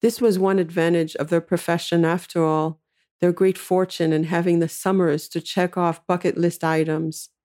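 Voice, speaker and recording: A woman reading a literary short story aloud in a measured, unhurried narration. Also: on the low side, level tone, mellow.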